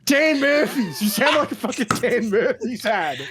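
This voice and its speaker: Higher-voiced man, swearing freely. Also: animated, moderate pace, crowd noise. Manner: rambling, frequent swearing, restarts. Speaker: podcast regular. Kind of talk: casual gaming chat.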